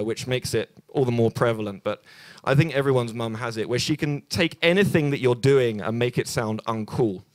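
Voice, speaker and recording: At a bar's open mic night, a young British stand-up comedian speaks in a mid-range voice into a handheld mic, captured as a dry recording. He's dry and self-deprecating, rambling and restarting with plenty of ums.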